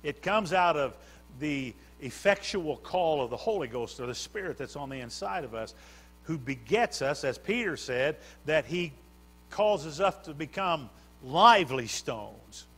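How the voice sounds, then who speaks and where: A man's voice: on the high side, expressive, a little slow, a bit bright. A man preaching a sermon, building fervor through repeated phrases. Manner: preaching with rising fervor and repetition. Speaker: pastor.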